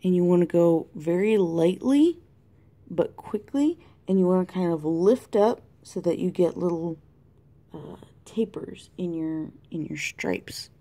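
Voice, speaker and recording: Lady with a warm mellow voice chatting thru her pencil drawing, kinda whispery now and then. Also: fairly low pitch, unhurried. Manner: chatty, thinks aloud, drifts into soft whispers. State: has the hiccups. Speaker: art tutorial host. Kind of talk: casual drawing tutorial narration. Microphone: camera mic close to the desk.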